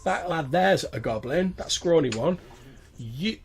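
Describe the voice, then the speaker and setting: A man's voice: fairly high pitch, lively intonation, measured pace, voice pushed up. A man voicing a sly male goblin fruit picker who talks down to people as if to a child. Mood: condescending. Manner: condescending, as if explaining to a child.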